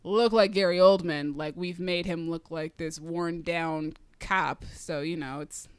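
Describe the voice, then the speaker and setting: A woman's voice: lowish voice, steady tone, a little slow, smooth, no room sound. Rambling woman co-hosting a podcast. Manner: rambling, many fillers, laughs easily. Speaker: podcast co-host. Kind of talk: casual movie review chat.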